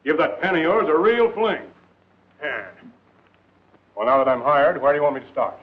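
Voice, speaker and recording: A folksy, confident frontier marshal. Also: male voice, a little high, sing-song, normal speed. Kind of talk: 1940s film serial acting. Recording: muffled old film soundtrack with hiss.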